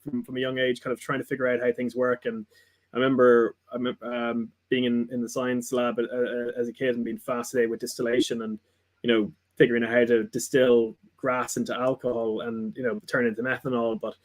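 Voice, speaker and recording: A man, a whiskey maker talking as a guest on a livestream in a rambling, halting way with many restarts. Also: mid-range voice, level tone. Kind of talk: casual livestream chat.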